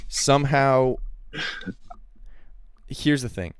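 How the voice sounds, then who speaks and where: A man's voice: mid-range voice, drawn-out words. A man co-hosting a casual comedy podcast, reading emails aloud with amused laughter. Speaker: podcast co-host.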